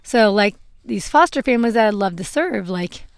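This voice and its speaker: A young adult horse owner and vlogger speaks at normal speed in a mid-range, lively voice as she grooms her horse outdoors. Her chatter is casual and a little rambling, and she laughs at her own mistakes. The clip-on recording is dry and clean.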